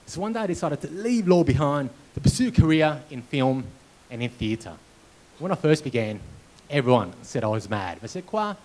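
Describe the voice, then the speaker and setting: A man's voice: a little high, low-quality recording. A man giving a motivational keynote speech at a conference, telling personal stories with comic timing. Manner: animated storyteller, comic timing. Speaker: keynote speaker. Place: conference hall.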